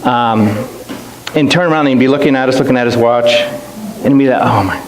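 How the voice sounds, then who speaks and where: Speaking fast in a steady, mid-range voice, this middle-aged man is a guest missionary sharing stories with a church. He's chatty and self-deprecating, often starting sentences over, and the hall sounds echoey with a faint hiss.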